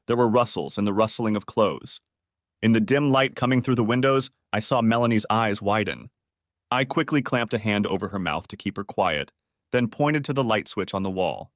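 A man narrating a dramatic first-person story in an expressive way, close to the mic. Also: on the low side, dry recording.

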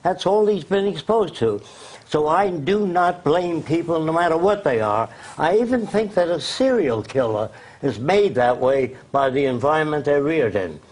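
A man's voice: on the high side, animated, darkish tone. A man giving an interview guest's impassioned, blunt lecture, listing his points one after another. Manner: emphatic, blunt, lists points rapid-fire. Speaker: interview guest, social designer.

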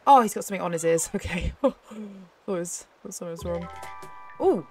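A young woman host chatting excitedly as she plays a game, often laughing. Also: fairly low pitch, brisk, faint music behind. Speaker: gaming channel host. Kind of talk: casual gameplay commentary.

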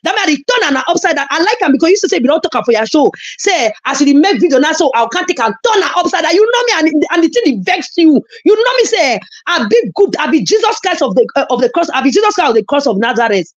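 A woman with a Nigerian Pidgin accent delivers a heated online rant, scolding and cursing in loud, emphatic bursts. Her high voice leaps and plunges all over the place. The sound is dull and lo-fi, like a phone recording. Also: sing-song, fast talker, hardly any pauses. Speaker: social media commentator.

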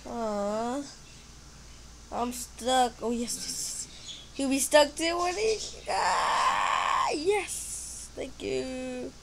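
Excitable woman squealing over a game. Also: high voice, extremely slow, vocal fry, slight background noise. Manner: excitable, squeals and cheers, talks to opponents. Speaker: gamer commentating her play. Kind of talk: casual gameplay commentary.

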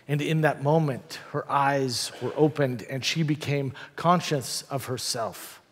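A male pastor preaching a sermon in a church, telling the story with dramatic pauses and wry asides. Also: medium pitch, a bit bright. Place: church sanctuary. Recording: long church reverb.

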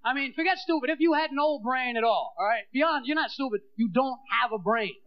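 A man performing stand-up comedy, talking fast and acting out little scenes in other voices. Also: very high voice. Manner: fast, animated, acting out voices of people and the movie. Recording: dull lo-fi tape with clear hiss.

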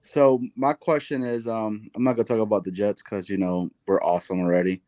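A man's voice: on the low side, steady tone, a little fast, darkish tone, a little hiss or hum. A man co-hosting, asking teasing, slangy questions and telling his own family story. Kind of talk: casual chat.

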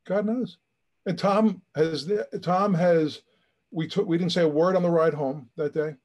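A man's voice: a little high, unhurried, a little mellow. A middle-aged man, a charity founder telling a story as a guest, acting out the voices of the people in it with emotion. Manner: acts out quoted voices, emphatic and emotional. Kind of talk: animated storytelling.

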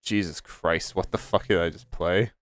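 A man commentating a gameplay video, panicking and swearing, his voice jumping into high squeals. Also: steady tone, moderate pace. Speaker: gaming video creator. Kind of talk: let's play commentary.

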